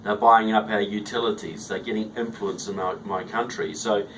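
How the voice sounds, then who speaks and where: A man's voice: on the low side, steady tone, moderate pace, a bit bright. New Zealand man, chatty and distant. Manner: chatty, starts answers with "look" and "you know". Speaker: guest author. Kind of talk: radio interview. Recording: distant mic, faint background noise.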